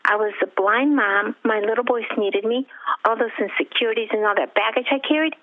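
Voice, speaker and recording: A woman guest telling her personal testimony with deep feeling, at times close to tears, quoting her own past thoughts. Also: fairly quick. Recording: tinny phone-like line.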